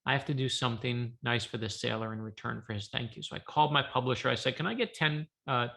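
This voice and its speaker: A man, an author, telling a lively story on a video call from his home office, acting out the dialogue. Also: medium pitch, fast, vocal fry. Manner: lively anecdotal, acts out dialogue. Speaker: author guest. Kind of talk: animated storytelling.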